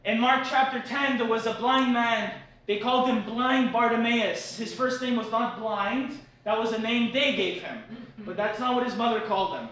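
A man with a high, bright voice preaches a live sermon, moving from quick storytelling to loud, ringing declarations. He sounds far from the mic, and his voice carries a heavy echo around the room. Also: fairly even intonation. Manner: storytelling preacher who builds to shouted declarations. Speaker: pastor. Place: cafe meeting room.

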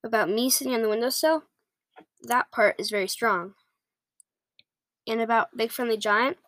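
A kindly giant who talks in broken, folksy grammar, as a woman reading aloud puts him on. The voice sits fairly high and stays close to the reader's own. The sound is dry and close. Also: normal speed, a bit bright, no room sound, lightly acted. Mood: earnest. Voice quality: ungrammatical folksy speech. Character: big gentle male giant, mangled grammar.

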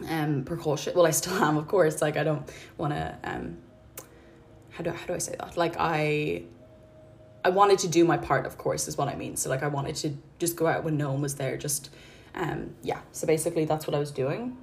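A woman's voice: low-pitched, moderate pace, slight background noise. A woman hosting a podcast, talking through her thoughts in a rambling, earnest way with lots of "like" and "um". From Ireland. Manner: rambling, heavy use of "like" and "um", gentle and earnest. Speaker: podcast host. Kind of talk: casual reflective podcast monologue.

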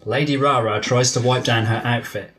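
A man's voice: medium pitch, fairly even intonation, normal speed, fairly bright tone. A man narrating improvised comic scenes in an amused, chatty way. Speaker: narrator and game runner.

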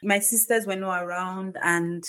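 A woman's voice: medium pitch, fairly even intonation, a little slow, fairly bright tone. A young adult woman from Nigeria hosting a podcast, telling a personal story candidly with many fillers. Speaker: podcast host, foundation founder.

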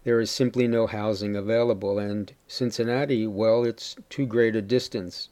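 A man's voice: fairly low pitch, fairly even intonation, moderate pace, a little mellow, lightly acted. A man voicing an urgent woman aid worker explaining strict rules, read as part of a storybook narration.

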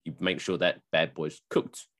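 A man's voice: deep voice, normal speed. A man co-hosting a podcast in casual chat, joking around and slipping into silly voices. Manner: jokey, animated, slips into silly voices. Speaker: podcast co-host.

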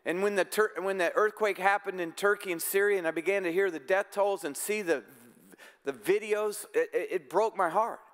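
Pastor, male, high and smooth, earnest conversational sermon, long church reverb. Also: moderate pace. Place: church sanctuary.

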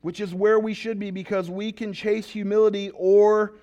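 Heard through a muffled recording, a male pastor with a high-pitched voice preaches at normal speed. He tells stories in an animated, joking way, acting out quotes as he goes.

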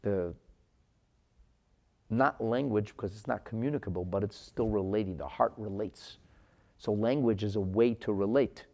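A man teaching a Chassidic class to viewers, animated, repeating words as he searches for the right phrasing, and dropping into his talk. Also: lowish voice, moderate pace, long pauses. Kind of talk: live-streamed Torah class answering viewer comments.

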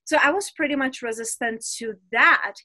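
A woman's voice: high voice, normal speed, pushed and bright. A young woman from the Czech Republic with a Czech accent, an eager podcast guest who talks in a rush with restarts. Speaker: guest, women's transformational coach. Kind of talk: casual chat.

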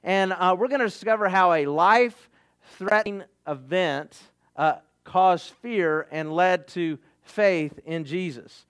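Male pastor, high voice, earnest sermon delivery, halting with restarts. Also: fairly bright tone, clean tone.

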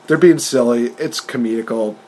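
A man with a husky, slightly breathy voice chats casually on a podcast about wrestling. He talks with animated energy, laughs often, and jumps into a higher, louder voice when he imitates people. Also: normal speed, low-quality recording. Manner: animated, laughing often, acting out quotes in a raised voice. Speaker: podcast co-host.

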